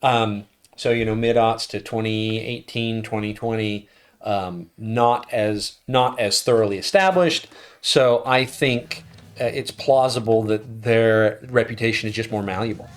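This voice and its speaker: A man's voice: lowish voice, a little slow, clean tone. A middle-aged man, a law professor guest, talking frankly and wryly in a casual interview. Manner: frank, wry, self-correcting.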